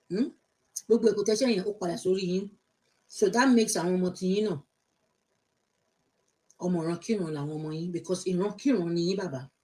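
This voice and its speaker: Scolding woman, rather low voice. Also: mellow, low-quality recording. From Nigeria. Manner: confrontational, scolding, mocking. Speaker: blogger. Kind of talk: angry social-media rant.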